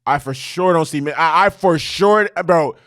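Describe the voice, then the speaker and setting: A man hosting a sports talk show from his studio, giving profane, animated commentary that builds into shouting rants. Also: fairly high pitch, a little slow. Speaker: sports podcast host.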